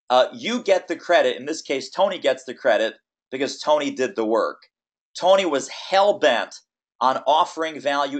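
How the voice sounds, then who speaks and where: A man coaching speakers on a webinar, energetic and emphatic, stacking lists and repeating phrases. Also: on the high side. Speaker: business coach. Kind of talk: webinar teaching.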